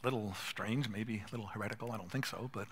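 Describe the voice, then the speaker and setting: A man's voice: on the low side, fast talker, slight background noise. An older man giving an earnest teaching talk at a conference, emphatic and acting out bits of dialogue. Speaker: conference speaker. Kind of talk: teaching talk to a live audience. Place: conference hall. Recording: hall reverb.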